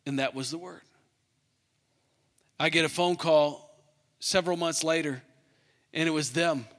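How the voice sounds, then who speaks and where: Preacher guy with a high bright voice, acts out the whole story, big echoey hall. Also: a little slow. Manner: animated storyteller acting out both sides of a conversation. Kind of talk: sermon storytelling. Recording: long hall reverb.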